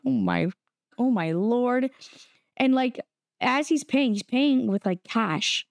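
Animated young woman telling a story. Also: a little high, slow pace, dry recording, clean studio sound. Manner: animated, quotes people in her story. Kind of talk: casual chat.

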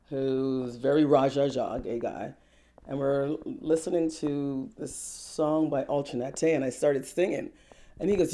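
Animated woman singer telling stories. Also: rumbling low, unhurried. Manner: lively, laughs often, acts out quotes. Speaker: singer-songwriter guest. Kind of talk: animated personal storytelling.

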